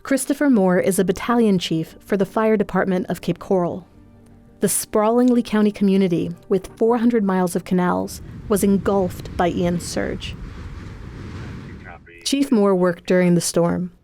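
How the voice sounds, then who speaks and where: A woman giving measured, scripted documentary narration. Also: mid-range voice, soft background music. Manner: measured, even delivery.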